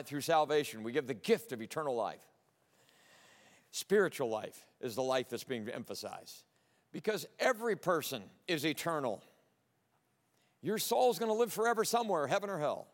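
A man preaching a sermon with emphatic delivery, rising to loud declarations and dropping to low, earnest asides. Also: long reverb tail.

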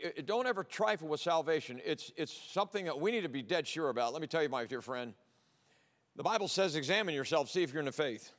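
A man preaching a sermon with emphatic delivery, rising to loud declarations and dropping to low, earnest asides. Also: big-room sound.

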